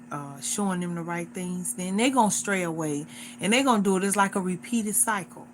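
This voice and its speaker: With a voice on the low side, a livestream host in her forties exhorts her viewers earnestly and repetitively, much like a casual sermon. The recording has a little hiss or hum.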